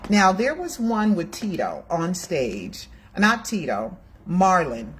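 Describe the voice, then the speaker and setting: A woman in her sixties talks straight to her camera at home in a loose, rambling way and gets emotional easily. Her voice sits a little low. A faint hiss runs under the recording. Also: sing-song, measured pace, hardly any pauses. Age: 60s. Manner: chatty, digressive, emotional. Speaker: video host. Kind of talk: casual chat to camera. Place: home room.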